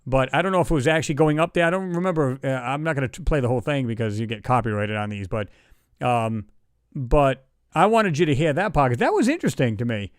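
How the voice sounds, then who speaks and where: A man's voice: mid-range voice, lively intonation, fast, no room sound, clean studio sound. A man hosting a casual livestream chat, talking in a loose, rambling way and reading viewer comments aloud. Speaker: livestream host.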